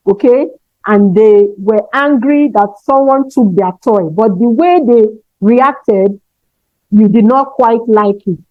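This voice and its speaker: A conference speaker for teachers, this woman has a fairly high pitch and gives an emphatic motivational talk, often checking in with her listeners. The lo-fi recording is dull and dry, with no echo.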